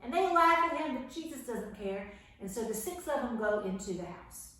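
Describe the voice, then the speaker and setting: Loud, lively woman teaching children. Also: fairly high pitch, moderate pace. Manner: animated, acts out voices of the story characters; talks loud to reach the camera. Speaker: children's Bible class teacher. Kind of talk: storytelling lesson for children. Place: room, camera across the room. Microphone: far camera mic. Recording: very echoey room, camera far off.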